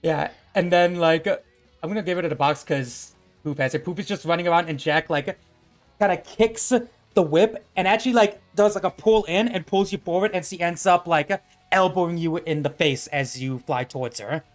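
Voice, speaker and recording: Male game master, rambling, filler-laden fight narration, high-ish voice. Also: normal speed, soft background music. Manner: rambling, filler-heavy narration with bursts of laughter.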